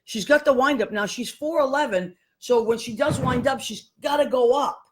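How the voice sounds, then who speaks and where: A woman's voice: high voice, normal speed. A woman hosting a live show solo, chatting casually and greeting listeners one by one by name. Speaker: host.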